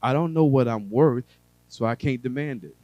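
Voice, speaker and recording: A preacher gives a conversational sermon, peppered with humor and asides, alternating hushed drawn-out phrasing with loud emphasis. His voice is male and medium in pitch. There's no room sound, and the high frequencies are cut off.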